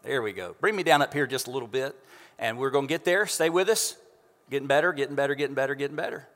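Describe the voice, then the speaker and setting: A pastor preaching a sermon from a church stage into a microphone, conversational and joking with the congregation. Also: male voice, medium pitch, fast talker, a bit bright. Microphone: stage microphone through house speakers. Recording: long church reverb.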